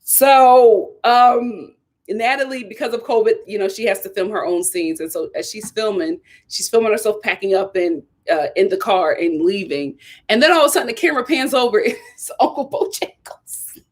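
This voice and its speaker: A woman hosting a live stream, giving sassy, animated commentary on a reality show and talking straight to her viewers. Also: mid-range voice, normal speed. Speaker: live show host reviewing a reality series.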